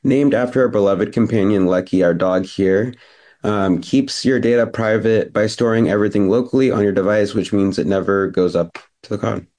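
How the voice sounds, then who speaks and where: A young man with a hoarse voice reading a scripted company pitch over a video call. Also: moderate pace. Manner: steady, scripted delivery. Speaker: founder and CEO. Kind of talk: read pitch presentation.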